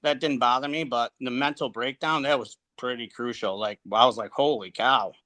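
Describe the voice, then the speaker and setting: A man in his forties from upstate New York, a Marine veteran recalling his service in a halting, plainspoken way, full of fillers and restarts. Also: mid-range voice, sharp tone. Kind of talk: casual interview storytelling.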